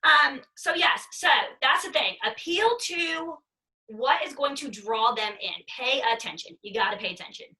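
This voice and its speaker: A woman's voice: sits high, animated, moderate pace, bright, forceful tone, far from the mic, rough recording. A woman leading a sales team training, talking in an emphatic, chatty way and repeating her points. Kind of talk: motivational training talk.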